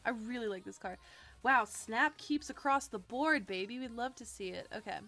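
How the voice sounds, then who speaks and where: Brief: young woman streamer, bubbly and giggly, voice sits on the higher side, faint music underneath. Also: normal speed, sharp tone. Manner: bubbly, giggly, talks to chat. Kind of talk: casual live-stream chat.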